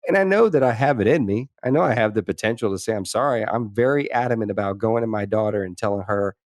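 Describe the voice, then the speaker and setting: A male podcast host with a lowish voice, talking reflectively and circling back on his words. His speech comes through dry and close on the mic. He shares personal stories in a conversational interview. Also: quick pace, hardly any pauses, no room sound. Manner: thoughtful, with frequent restarts and "you know".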